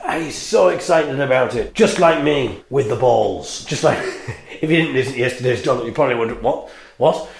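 A man's voice: medium pitch, lively intonation, fairly quick, vocal fry. A man hosting his own podcast, telling a rambling story with wry, self-mocking humour. He records in a small toilet at a music venue. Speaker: podcast host and band member. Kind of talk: casual storytelling monologue. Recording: echoey small toilet room.

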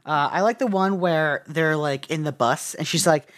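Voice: mid-range voice, moderate pace. A young co-host chatting casually, joking and slipping into impressions. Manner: animated, jokey, slips into impressions. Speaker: podcast co-host. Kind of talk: casual chat.

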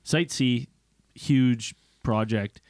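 A young man co-hosting a podcast, telling a story casually, swearing and mimicking people in squeaky voices. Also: very slow, a little mellow, no room sound, clean studio sound. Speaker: podcast co-host.

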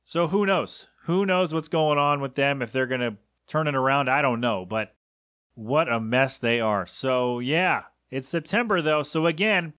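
In an expressive, medium-pitched voice that runs a little slow and fairly bright, a man hosts a podcast of casual solo sports talk. He often corrects himself and drifts into asides, and the clean studio recording has no room sound.

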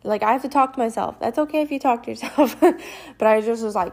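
A woman's voice: on the high side, brisk, darkish tone. Rambling woman hosting a podcast. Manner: rambling, frequent fillers, reassuring. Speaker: podcast host. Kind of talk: casual solo podcast talk.

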